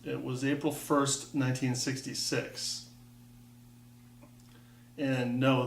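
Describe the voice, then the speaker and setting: In an echoey room and well off the mic, a Wisconsin man in his fifties tells a rambling personal story for his vlog, full of wry asides and frequent restarts. His voice sits in the mid-range, with a little hiss or hum in the background.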